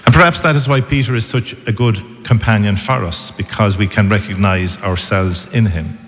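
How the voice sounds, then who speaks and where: A man preaching a measured, deliberate sermon as a priest. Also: on the low side, a bit bright. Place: church. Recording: long church reverb.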